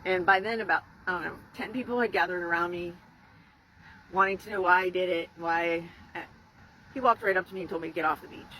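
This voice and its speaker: A woman's voice: on the low side, brisk, sharp tone, a little hiss or hum, rough recording. A woman candidly recounting a frightening experience to the camera, emotional and swearing freely. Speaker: rescuer telling her story. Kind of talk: personal storytelling to camera.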